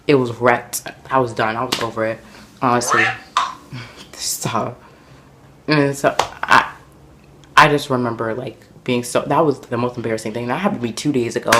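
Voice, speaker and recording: A man vlogging, telling embarrassing stories in an animated, dramatic way, full of fillers. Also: medium pitch, a little fast, background noise. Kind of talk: casual storytelling to camera.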